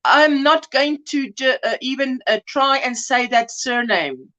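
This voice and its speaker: Lady on a crochet live, high bright voice, keeps saying hello hello to the chat. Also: animated, unhurried. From South Africa. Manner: warm greetings, repeats hellos, calls viewers sweetheart. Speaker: crochet livestream host. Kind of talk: casual livestream chat reading viewer comments.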